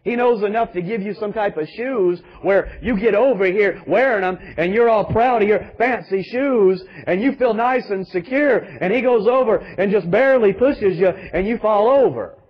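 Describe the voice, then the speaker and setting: A man's voice: high voice, moderate pace, hardly any pauses, muffled recording. A man pastor preaching a sermon with emphatic rhetorical questions and calls to the congregation.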